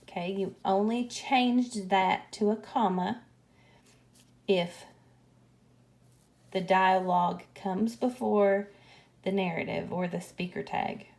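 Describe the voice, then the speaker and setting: A woman teaching a grammar lesson, explaining punctuation slowly and patiently. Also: medium pitch, fairly even intonation, a little mellow.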